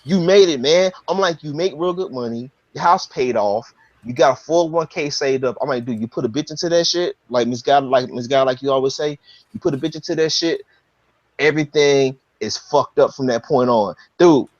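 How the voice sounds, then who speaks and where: Excitable, profane man telling a story. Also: medium pitch, fairly quick, dry recording. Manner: animated, profane storytelling with many restarts. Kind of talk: casual chat. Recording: dry, dull lo-fi audio.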